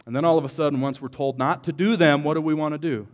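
A male pastor delivers a lively sermon, dropping to quiet asides and then building to loud, emphatic lines. He jokes with the congregation as he goes. His voice carries a long reverb from the church hall. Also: a little high, fast. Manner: animated, joking, swings from quiet to loud.

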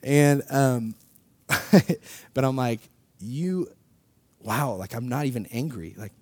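Animated young man telling a testimony. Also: medium pitch, slow pace, dry recording. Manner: animated, laughs often, acts out quotes. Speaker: speaker sharing a personal testimony. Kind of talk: casual storytelling testimony.

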